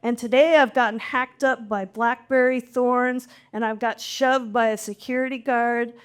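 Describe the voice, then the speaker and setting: A middle-aged woman with a high voice tells a personal story live on stage. She is wry and animated, and she pokes fun at herself as she goes. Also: normal speed, clean tone. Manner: wry, animated, self-mocking.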